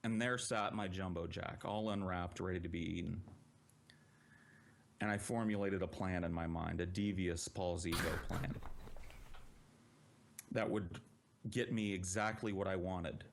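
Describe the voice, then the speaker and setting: A man's voice: low voice, measured pace, gravelly, long pauses, a little hiss or hum. Profane man telling a story. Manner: profane, animated. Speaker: podcast storyteller. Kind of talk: casual storytelling.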